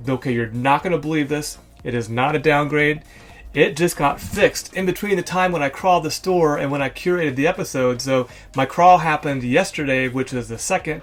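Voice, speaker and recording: A man hosting a casual screen-share walkthrough, chatty and thinking aloud, correcting himself often with ums. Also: fairly high pitch. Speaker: host of a software store review show.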